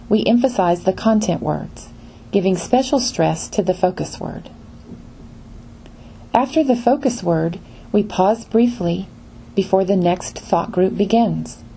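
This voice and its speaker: Brief: woman, mellow scripted lesson narrator, slow and even, faint noise behind. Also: mid-range voice. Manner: slow, even lecture delivery. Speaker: pronunciation teacher.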